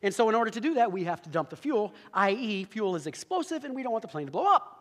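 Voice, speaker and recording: A man telling a humorous story in a sermon, animated and quick, with asides to the audience. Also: high voice. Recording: long hall reverb.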